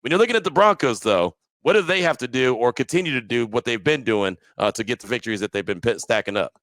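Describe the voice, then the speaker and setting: Quick-talking sports podcast co-host. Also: male voice, mid-range voice, lively intonation, a bit bright, no room sound. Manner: poses questions, short agreeing replies.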